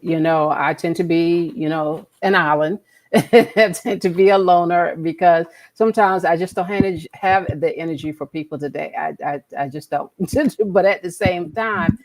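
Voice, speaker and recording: In a fairly low-pitched voice at a moderate pace, a podcast co-host makes her case earnestly and a bit preachily during casual conversation. She tends to repeat words as she presses her point.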